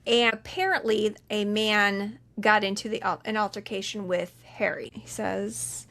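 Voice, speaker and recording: A woman's voice: medium pitch, unhurried, vocal fry. A woman co-hosting a podcast, retelling a film in casual chat and acting out the characters' lines. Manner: animated retelling, acts out quoted lines in funny voices. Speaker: podcast co-host. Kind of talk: casual movie recap chat.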